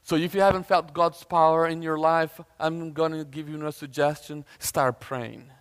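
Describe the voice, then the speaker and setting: Male preacher, casual storyteller, clear resonant voice in a reverberant hall. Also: on the high side, normal speed. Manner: animated storytelling, acts out voices, casual asides. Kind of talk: sermon.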